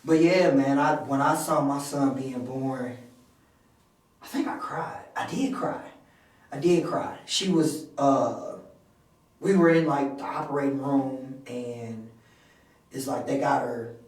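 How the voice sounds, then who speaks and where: A man co-hosting a casual podcast about fatherhood, telling stories in an animated way and laughing as he goes. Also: medium pitch, slow pace. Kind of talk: casual chat. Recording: very echoey room, distant mic.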